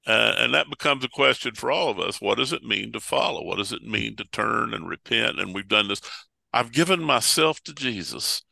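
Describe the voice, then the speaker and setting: A pastor talking over preaching texts in casual conversation, a folksy storyteller who acts out the voices of Bible figures. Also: male voice, fairly low pitch, fairly quick, creaky, few pauses, sharp tone, no echo.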